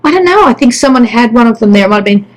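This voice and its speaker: A woman's voice: fairly high pitch, expressive, very fast, low-quality recording. Chatty woman vlogging. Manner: chatty and warm, rambling with restarts. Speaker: flosstube host. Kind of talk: casual chat.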